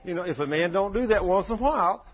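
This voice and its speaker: An older man preaching a sermon in a husky, fairly high voice. He tells homely stories and builds to loud, fervent peaks. The recording is muffled and lo-fi. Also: animated, fast. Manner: folksy storytelling, swelling to loud fervor. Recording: dull lo-fi recording.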